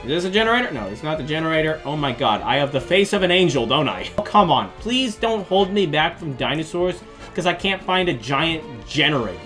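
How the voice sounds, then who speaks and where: Animated, bright-voiced male gaming host. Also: fairly high pitch, brisk, soft background music. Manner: excitable, jokey, bursts into shrieks and laughter. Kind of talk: let's play commentary.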